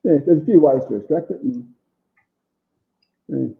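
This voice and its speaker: A man's voice: a little high, normal speed, gravelly. A man, a guest in a casual chat, giving short, hesitant answers with many "um"s. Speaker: guest, jerky maker. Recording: tinny phone-like line.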